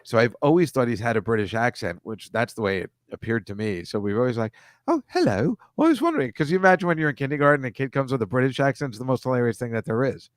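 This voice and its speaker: A man in casual podcast chat, an animated storyteller who mocks voices and makes quick asides. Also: medium pitch, no room sound, clean studio sound.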